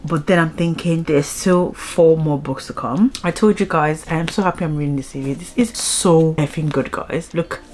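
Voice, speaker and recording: A young woman chatting excitedly at home in a casual reading vlog, rambling and restarting as she gushes about books. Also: deep voice, moderate pace, hardly any pauses. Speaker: book vlogger. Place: home, indoors.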